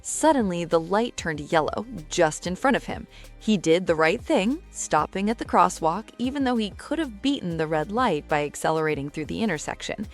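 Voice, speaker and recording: A woman narrating clean jokes in an even, scripted storytelling way. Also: lowish voice, normal speed, soft background music. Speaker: joke narrator.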